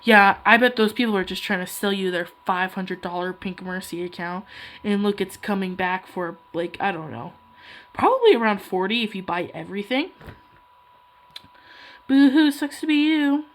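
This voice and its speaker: A woman's voice: medium pitch, lively intonation, moderate pace, a bit bright. A young woman chatting casually while she draws, rambling and self-deprecating. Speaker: hobby artist vlogger. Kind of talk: casual chat while drawing.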